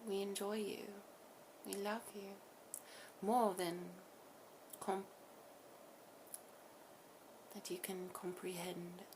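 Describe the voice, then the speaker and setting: A woman voicing a calm, loving collective spirit in a channeled message, speaking slowly and softly in half-whispers. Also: medium pitch, background noise, lightly acted. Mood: tender, soothing. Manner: slow, soft, often half-whispered affirmations.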